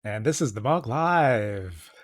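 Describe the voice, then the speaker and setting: A man from Queensland with an Australian accent, co-hosting a casual live stream, chatty and quick to laugh. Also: medium pitch, expressive, no echo. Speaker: podcast co-host. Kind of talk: casual chat.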